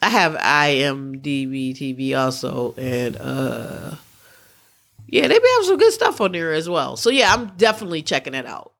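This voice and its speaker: A woman's voice: low voice, big pitch swings, normal speed, creaky, fairly bright tone. A woman hosting a podcast, rambling through sports news in casual chat and often restarting her sentences. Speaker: podcast host.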